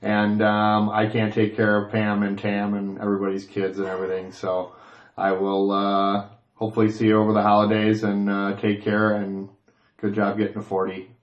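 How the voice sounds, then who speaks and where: A man speaking dry and matter-of-fact, his pitch low and flat. The sound is muffled and echoes around the room. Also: normal speed. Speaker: brother-in-law. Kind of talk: birthday video message. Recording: roomy, dull-sounding room.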